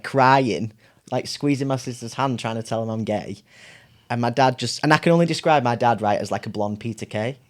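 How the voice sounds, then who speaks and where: A man, a podcast guest telling a story in casual chat, animated, acting out his family's voices and laughing often. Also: mid-range voice.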